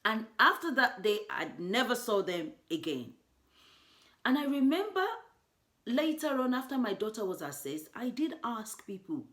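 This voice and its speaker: A woman's voice: medium pitch, sing-song, measured pace, fairly bright tone. A woman from Nigeria, a mother telling a personal story in an earnest, emotional way, with many "you know" asides.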